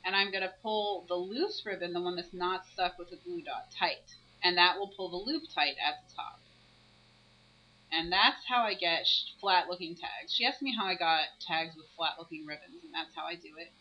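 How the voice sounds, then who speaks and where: A woman's voice: on the low side, normal speed, muffled recording. A woman narrating her own crafting video, explaining each step as she works.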